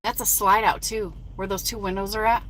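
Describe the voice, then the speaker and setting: A woman's voice: mid-range voice, fairly even intonation, brisk, a bit bright, slight background noise. A woman truck driver chatting casually on a phone live stream from her cab at a truck stop, reading viewer comments aloud.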